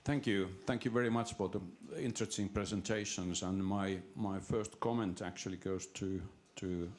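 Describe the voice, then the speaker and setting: Halting low-voiced man. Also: a little mellow. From Finland. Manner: halting, many restarts and fillers. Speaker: audience member asking a question. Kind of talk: seminar question from the floor.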